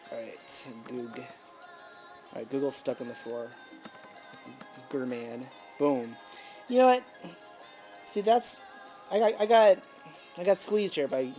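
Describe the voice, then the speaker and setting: A man in his thirties talks through stock charts in a casual, offhand way at an ordinary pitch. He mutters ticker names under his breath, then breaks into excited bursts. Faint music plays behind him. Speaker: stock trader reviewing charts. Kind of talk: casual screen-recorded market commentary.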